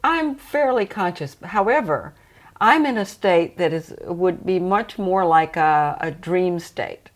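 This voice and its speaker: An older woman, a trance channeler, talking reflectively in a relaxed interview and laughing often. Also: fairly low pitch, takes it slowly.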